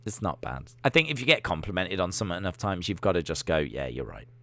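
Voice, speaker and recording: Young guy streaming, bright punchy voice, dry close sound, chatty and jokey with the chat. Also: deep voice, big pitch swings, fast, no echo. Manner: chatty and self-mocking, reads chat aloud with jokey asides. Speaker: livestream host. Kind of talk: casual watch-along commentary.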